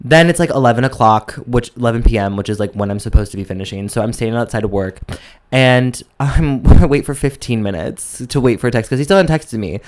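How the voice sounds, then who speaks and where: A man's voice: medium pitch, brisk. A man co-hosting a podcast, telling a long story in a chatty, gossipy way, full of "like". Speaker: podcast co-host. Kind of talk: casual chat, storytelling.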